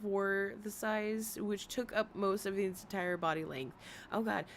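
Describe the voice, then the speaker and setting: Tired woman streamer rambling on a casual stream, keeps laughing at herself, bit of faint noise behind. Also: medium pitch. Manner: rambling, self-interrupting, giggly. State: tired from long talking.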